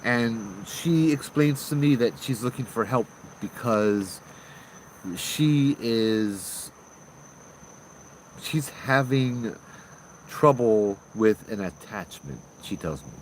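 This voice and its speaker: A man, hosting and telling a ghost story in a loose, conversational way, with fillers and sudden loud bursts. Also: on the low side, a little hiss or hum, low-quality recording. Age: 30s. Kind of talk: casual spoken ghost story.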